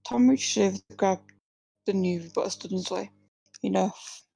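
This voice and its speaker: A woman with a mid-range, creaky, dark-toned voice reads her own first-person fiction aloud at a live reading, going a little fast. It's a plain delivery with small slips and restarts and few distinct character voices. The audio is poor.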